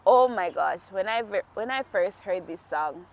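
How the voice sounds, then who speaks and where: A woman's voice: medium pitch, lively intonation, moderate pace, phone-quality sound, noisy background. A woman vlogger telling a personal faith story in a casual, heartfelt way, laughing often as she talks outdoors. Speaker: devotional vlogger. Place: outdoors in a quiet natural area.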